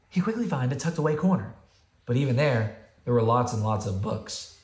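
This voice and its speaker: A man's voice: mid-range voice, animated, fairly quick, darkish tone. A father reading a children's picture book aloud, chatty, with asides to his kids. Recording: roomy home room echo.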